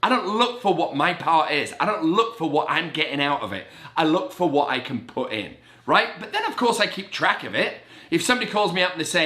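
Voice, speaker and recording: A middle-aged man, a real estate agent, giving an animated, very caffeinated motivational talk and acting out his inner voice in quick asides. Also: a little high. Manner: animated and energetic, self-described as very caffeinated. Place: indoor room with a blackboard on the wall. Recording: roomy echo.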